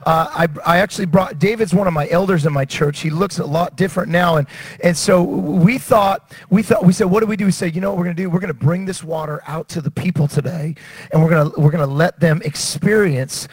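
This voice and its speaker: A man preaching a sermon, animated, often stammering and restarting, sometimes rising to shouts. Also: high-pitched, fairly quick, slightly rough, dry recording. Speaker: pastor.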